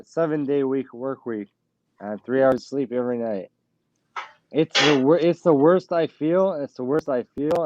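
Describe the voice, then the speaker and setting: A man's voice: on the high side, a little mellow, muffled recording. A man hosting a casual live show, talking bluntly and swearing often, bragging about pushing through on little sleep. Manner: blunt, swears a lot, boastful. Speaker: show host. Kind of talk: casual live-stream chat.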